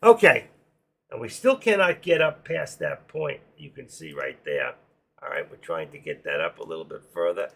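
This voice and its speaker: A hoarse man hosting a live trading stream, rambling casually to himself and his viewers as he works through charts. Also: mid-range voice, lively intonation, normal speed, a bit bright. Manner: rambling, talks to himself while working charts. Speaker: livestream trading host.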